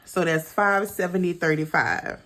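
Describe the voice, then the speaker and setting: A woman's voice: lowish voice, steady tone, normal speed, fairly bright tone, slight background noise. A middle-aged woman running through her monthly bills in a casual budgeting vlog, chatting to viewers as she adds up figures. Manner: chatty, talks to viewers as girl and y'all while adding up figures. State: out of breath. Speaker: budgeting vlogger.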